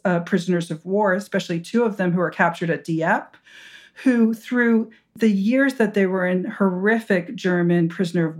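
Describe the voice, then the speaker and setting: A woman historian and author, answering interview questions with animated storytelling, full of restarts and fillers. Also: medium pitch.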